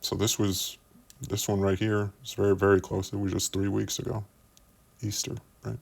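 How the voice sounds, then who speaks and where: Low gravelly man walking through screenshots. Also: monotone, normal speed. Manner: stumbles and repeats words while building a point. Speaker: commentary youtuber. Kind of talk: investigative commentary.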